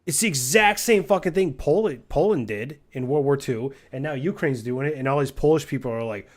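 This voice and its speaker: A man's voice: fairly high pitch, animated, fairly quick, hardly any pauses. A married man streaming a game, ranting in a heated, argumentative and profane way. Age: adult, married with a son.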